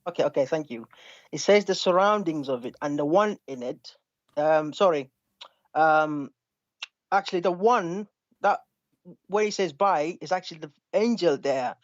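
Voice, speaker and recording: A man calling into a live debate over an online call, speaking in a hesitant, halting way and asking to keep things calm. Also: a little high, dry recording. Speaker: caller in a debate. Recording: dry, dull lo-fi call audio.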